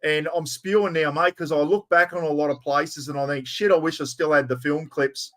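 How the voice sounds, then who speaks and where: A man's voice: a little high, steady tone, brisk, a bit bright. Australian man hosting a casual livestream chat. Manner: blokey, swears casually, laughs often. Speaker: livestream host.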